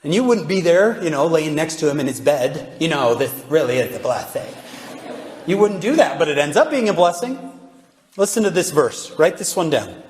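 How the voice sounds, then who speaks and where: A man's voice: fairly high pitch, animated, fairly quick, darkish tone. A man giving a humorous devotional talk, joking and quizzing his audience with questions. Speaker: religious speaker. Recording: echoey hall with faint background noise.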